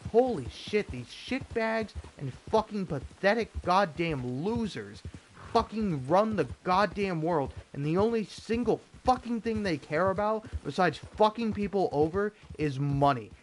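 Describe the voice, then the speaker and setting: A man's voice: sits high, lively intonation, a little slow, slight background noise. A young American man ranting with heavy profanity and stammered restarts while commenting over gameplay. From United States. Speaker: gaming YouTuber.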